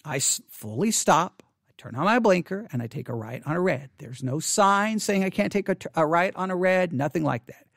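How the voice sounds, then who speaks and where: A man's voice: sits high, animated, normal speed, vocal fry, a bit bright, dry recording, clean studio sound. A man who hosts a Christian video channel, telling a personal story in an impassioned, indignant way and quoting what was said. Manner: impassioned, indignant, retells with quoted dialogue.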